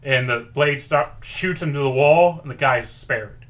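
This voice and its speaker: A man co-hosting a podcast, pitching a story in rambling casual chat and acting out quoted lines. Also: unhurried, fairly bright tone. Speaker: podcast co-host pitching a movie idea.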